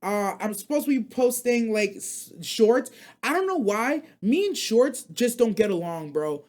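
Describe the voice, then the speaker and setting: A man's voice: high-pitched, big pitch swings, measured pace, darkish tone. Male live-stream host, casual and rambly, heavy on slang, reads chat messages out and riffs on them. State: recovering from being sick. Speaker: radio show host.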